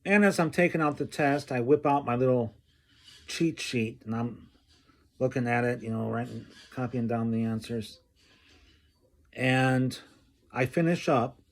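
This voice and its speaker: A man telling a personal story from his school days, slow and halting, often clearing his throat. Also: mid-range voice. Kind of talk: personal anecdote told slowly.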